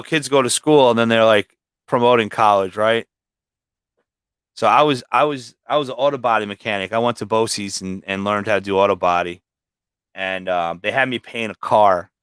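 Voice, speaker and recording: A man's voice: medium pitch, a bit bright, clear, resonant tone, no echo. A man who is a guest on a livestream, telling long rambling stories full of swearing in a casual way. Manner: rambling, heavily profane storytelling. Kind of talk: casual storytelling.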